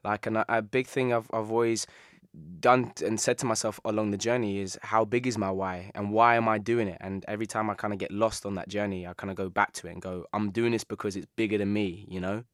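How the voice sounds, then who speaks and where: South London man, relaxed interview guest, laughs easily, dry close sound. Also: fairly low pitch, fast talker, no room sound. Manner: easygoing, laughs often, peppers speech with "man" and "you know". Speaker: guest actor. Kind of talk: casual interview chat.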